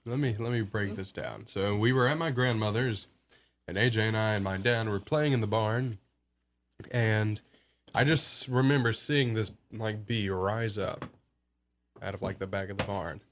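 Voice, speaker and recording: A man's voice: on the low side, moderate pace. An eighteen-year-old man from Alabama, a podcast guest telling stories casually, self-mocking and rambling. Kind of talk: casual storytelling.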